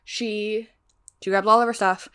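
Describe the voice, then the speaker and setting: A woman's voice: medium pitch, fairly even intonation, a little slow, sharp tone, clear, resonant tone. A woman giving a casual, rambling recap of a crime novel she is reading, going off on tangents and swearing freely. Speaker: book reviewer.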